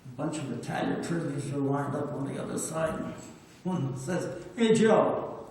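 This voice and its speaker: Older veteran, nineties, raised man's voice, homespun storyteller, miked from a distance in a booming hall. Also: moderate pace, darkish tone. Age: 90s. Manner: plain-spoken, anecdotal, repeats words for emphasis. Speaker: WWII veteran speaker. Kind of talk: storytelling talk. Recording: echoey hall, distant mic.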